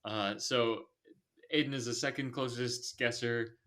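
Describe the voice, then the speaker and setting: A man's voice: mid-range voice, steady tone, a little slow, a bit bright. A man hosting a podcast, talking loosely with lots of fillers and giving blunt movie opinions. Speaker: podcast host. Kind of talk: casual movie review chat.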